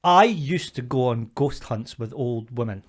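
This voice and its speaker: A man's voice: mid-range voice, measured pace. A Scottish man co-hosting a podcast, telling a story in casual chat and often laughing through it. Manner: lively storyteller, laughs through his own tales. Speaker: podcast co-host.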